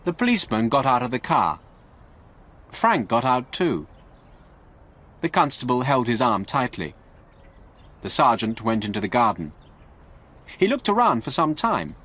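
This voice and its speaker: Guy reading an english learner story, slow and husky, lively pitch. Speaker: narrator. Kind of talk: graded reader narration.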